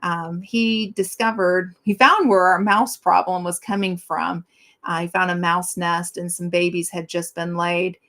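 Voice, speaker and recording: A woman's voice: fairly low pitch, fairly even intonation, unhurried, a bit bright. A middle-aged woman hosting a casual live-stream chat, rambling and chatty with many fillers as she talks to viewers.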